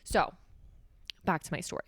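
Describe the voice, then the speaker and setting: Speaking at a moderate pace with a slightly bright tone, the young podcaster from New Mexico, USA, candidly recounts a personal story on her solo show. The sound is clean studio audio with no room sound, and she says "like" a lot.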